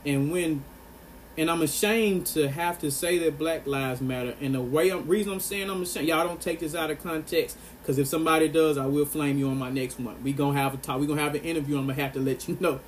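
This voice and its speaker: A man speaking straight to his audience in an earnest, impassioned monologue, his voice sitting a touch higher than most men's. He hammers home each point and circles back to key phrases for weight, with a faint hum of room ambience behind him. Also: fast. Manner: earnest and emphatic, repeats phrases for stress. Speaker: vlogger.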